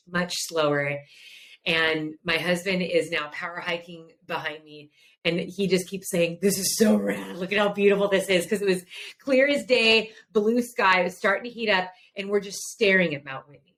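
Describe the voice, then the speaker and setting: Animated woman telling a story. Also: low voice. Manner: animated, emphatic, laughs while recounting. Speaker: podcast host. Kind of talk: casual storytelling.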